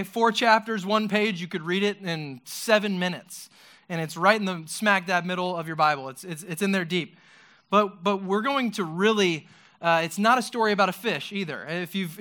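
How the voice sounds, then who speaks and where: A man giving a casual youth sermon, chatty and animated, with many rhetorical questions and fillers. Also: high voice, clean tone. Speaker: youth pastor.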